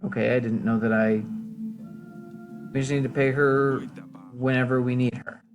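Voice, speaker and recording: A man's voice: mid-range voice, steady tone, moderate pace, faint music behind. A man giving casual, chatty commentary while playing a game, poking fun at himself. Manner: chatty, self-deprecating. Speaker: let's play host.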